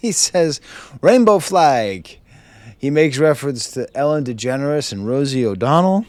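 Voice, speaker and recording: A man's voice: mid-range voice, lively intonation, normal speed, darkish tone, no room sound. A man reviewing an album in a casual way at home, wry and chuckling, reading lyrics aloud. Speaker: music reviewer. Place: home with his dog.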